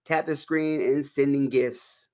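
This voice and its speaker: A man's voice: mid-range voice, fairly even intonation, slow. A man from Texas hosting a casual livestream, upbeat and repeating calls to tap the screen. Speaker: livestream host.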